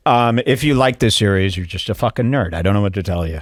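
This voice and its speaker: A male podcast host giving casual, mocking commentary in a sarcastic, animated way, somewhat out of breath. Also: fairly low pitch, fairly quick, few pauses, no room sound, clean studio sound, faint music behind. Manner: sarcastic, animated, breaks into mock voices.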